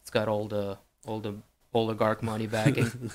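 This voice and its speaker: A man's voice: on the low side, flat delivery, moderate pace. Easygoing man, podcast co-host. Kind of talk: casual chat.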